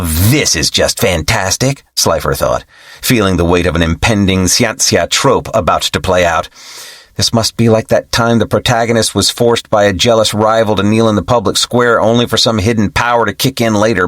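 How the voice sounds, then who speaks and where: A man narrating an audiobook with expressive storytelling. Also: lowish voice, fairly quick, no room sound, clean studio sound. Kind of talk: scripted narration.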